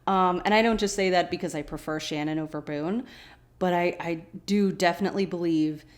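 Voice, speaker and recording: Podcast host, woman, lowish voice, casual opinionated recap, chatty, acts out the dialogue. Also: brisk. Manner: chatty and opinionated, laughs often, acts out characters' lines.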